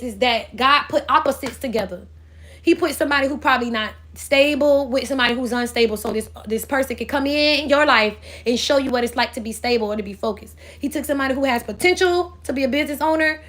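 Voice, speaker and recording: A woman's voice: sits high, fairly bright tone. A woman giving a casual astrology reading in a blunt, profane, rambling way, as if channeling spirit messages. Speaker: spiritual reader.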